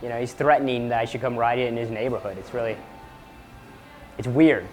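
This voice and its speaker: A man's voice: medium pitch, fairly even intonation, brisk, faint music behind. Conversational man in an interview. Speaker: moped club member. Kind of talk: casual interview.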